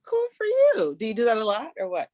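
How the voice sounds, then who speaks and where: A woman's voice: on the high side, wildly swooping pitch, brisk, a little mellow, no echo. A woman chatting in a practice referral call, friendly and chatty with lots of fillers. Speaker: networking group member.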